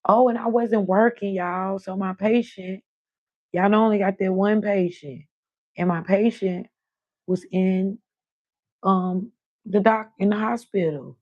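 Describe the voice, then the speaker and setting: A woman's voice: fairly low pitch, a little slow, a little mellow, muffled recording. A woman hosting her own live stream, chatting casually and talking straight to her viewers. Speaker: livestream host.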